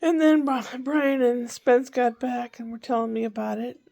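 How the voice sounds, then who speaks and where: A woman's voice: a little high, moderate pace, creaky, mellow. An older woman chatting casually in a rambling diary-style vlog, often correcting herself mid-sentence. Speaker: vlogger.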